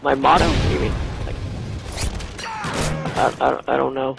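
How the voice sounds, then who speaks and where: A man's voice: medium pitch, steady tone, normal speed, creaky, loud music behind the voice, poor audio. A man hosting a gaming channel who answers questions in a rambling, crude, joking way, packing his talk with "like" and "you know". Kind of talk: joking Q&A over gameplay.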